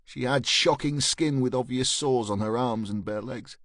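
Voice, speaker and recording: A man narrating a crime thriller audiobook in a measured, even reading. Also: medium pitch, no echo, studio quality. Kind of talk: scripted narration.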